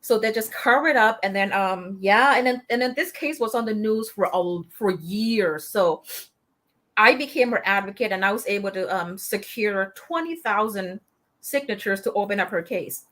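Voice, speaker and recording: A woman guest, a military veteran and author, telling a story in an interview with passion, halting often and restarting her sentences. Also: mid-range voice, a bit bright. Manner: impassioned, halting, many fillers and restarts.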